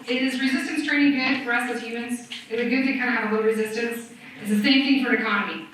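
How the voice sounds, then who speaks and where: A woman's voice: fairly high pitch, slight background noise. A woman presenting at a live seminar, joking and quizzing the audience. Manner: lively, joking, asks the audience questions. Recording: echoey hall from far off.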